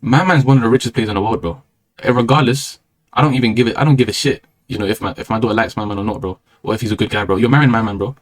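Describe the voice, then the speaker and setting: A man's voice: on the low side, racing. A young British man with a British accent chatting casually on a live stream, slangy, rambling and opinionated.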